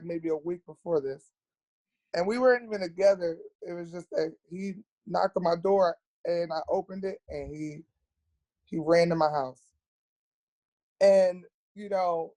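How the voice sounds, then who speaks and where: A woman's voice: on the low side, dark tone, dry recording. Candid woman retelling a hard story. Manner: earnest, repeats words for emphasis. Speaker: podcast guest, nurse.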